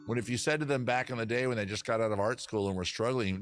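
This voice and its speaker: A man's voice: fairly low pitch, animated, fast, few pauses. A man hosting a music livestream from home, chatting in a rambling, jokey, self-deprecating way. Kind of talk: casual livestream chat.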